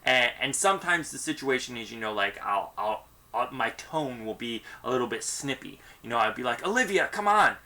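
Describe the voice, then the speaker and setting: A man's voice: medium pitch, normal speed, sharp tone. A man, a pastor leading a church discussion group, giving an earnest, conversational teaching talk and acting out sample apologies. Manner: earnest, conversational, acts out sample apologies, frequent "you know".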